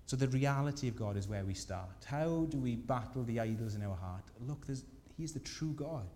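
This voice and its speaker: A man preaching a sermon, telling a scripture story with lively voices for the people in it. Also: medium pitch, moderate pace, a little hiss or hum. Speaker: pastor. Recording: long hall reverb.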